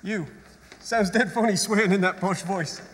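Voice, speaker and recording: A man's voice: sits high, moderate pace, natural voice. A man playing a shy, working-class teenage boy who stammers and speaks bluntly on stage. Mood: teasing. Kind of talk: stage musical acting. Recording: stage recording in a large hall with music.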